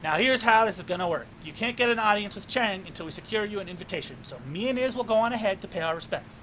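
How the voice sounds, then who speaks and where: A man voicing a tough, blunt female smuggler who gives brisk orders. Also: high voice, expressive, a bit bright, a little hiss or hum, pitched above the performer's own voice, low-quality recording. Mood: commanding. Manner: brisk, commanding.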